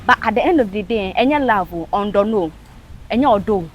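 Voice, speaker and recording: A woman's voice: medium pitch, lively intonation, brisk, slight background noise. A woman with a Ghanaian English accent speaking frankly and emphatically as a panelist on a casual talk show. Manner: frank, emphatic, mixes in local phrases.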